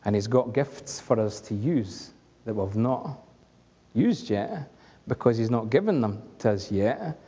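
A man's voice: on the low side, warm tone, husky. A man preaching a conversational sermon, asking the congregation questions along the way. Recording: dull lo-fi recording with long hall reverb.

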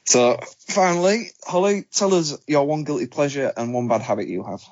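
A man's voice: a little high, expressive, normal speed, darkish tone, no echo. A man co-hosts a podcast in an easygoing manner, asking light questions. His voice is close and dry, and the audio is a little dull and lo-fi. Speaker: podcast co-host. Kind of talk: casual podcast chat. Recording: dull lo-fi sound.

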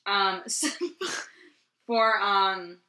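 Jersey woman podcasting, rambly and sweary, lots of ums, bright voice, echoey room. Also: mid-range voice, fairly even intonation, extremely slow. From New Jersey. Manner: rambling and profane, many ums, laughs easily. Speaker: podcast co-host. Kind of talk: casual storytelling chat. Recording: roomy echo.

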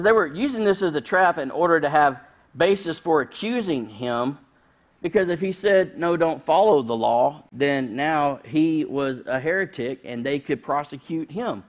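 A man in his thirties preaching a sermon, telling stories with humor and a relaxed, chatty delivery. His fairly high voice swings widely in pitch, dropping to a murmur one moment and jumping up in loud bursts the next. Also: measured pace. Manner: conversational, humorous storytelling with sudden loud bursts. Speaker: pastor.

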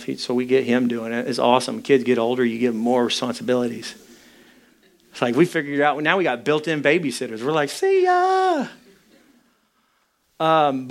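A pastor preaching a sermon, telling a personal story in a candid, conversational way. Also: male voice, mid-range voice.

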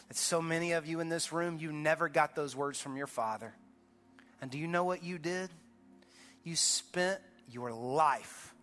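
A man preaching a sermon as pastor to a congregation, emphatic, swinging from urgent high peaks to low quiet lines. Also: big-room sound. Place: large church auditorium.

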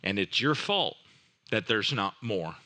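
Slow, animated bright-voiced male preacher. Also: fairly low pitch. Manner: dramatic retelling, voicing characters, rhetorical questions. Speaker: pastor. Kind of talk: sermon.

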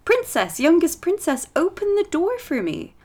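A woman's voice: extremely high pitch, huge pitch swings, moderate pace, a little mellow, voice pushed up, heavily acted. A woman voicing a small male frog prince who begs in old-fashioned formal speech. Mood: pleading.

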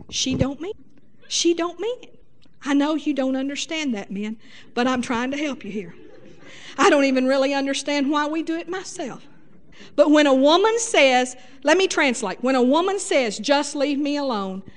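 High-voiced folksy woman preacher. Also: normal speed. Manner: lively, folksy, punctuated with hallelujahs and laughter. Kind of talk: sermon.

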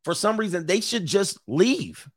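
A man hosting a live commentary, reading messages aloud and reacting to an audience in the room with blunt, profane, animated asides. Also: high-pitched, unhurried, husky, no echo, studio quality. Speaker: commentary host.

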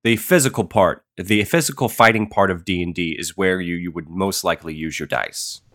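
A man hosting a casual podcast, explaining eagerly as game master in quick bursts. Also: low voice, a bit bright, dry recording, studio quality.

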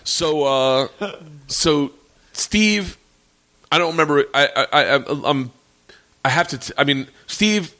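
A middle-aged man, a comedian, telling a story in casual chat, animated and swearing, laughing as he acts out voices. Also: fairly high pitch, slow, pauses often. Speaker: stand-up comedian, podcast guest.

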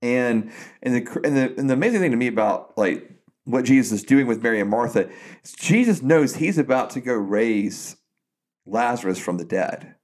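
A man's voice: medium pitch, animated, moderate pace, a little mellow. A man co-hosting a podcast, chatting casually about faith and retelling a story with frequent restarts. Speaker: podcast co-host.

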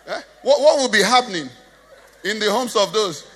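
A man's voice: high-pitched, animated, normal speed, fairly bright tone, slightly rough, long reverb tail. A Nigerian man preaching a sermon as pastor, joking and asking the congregation questions. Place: church hall.

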